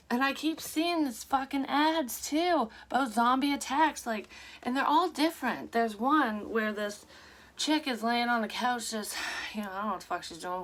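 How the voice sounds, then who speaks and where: A woman's voice: mid-range voice, a bit bright. A woman giving a casual, rambling psychic card reading to her viewers. She talks frankly and swears freely. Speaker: psychic tarot reader. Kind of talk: casual tarot reading to camera.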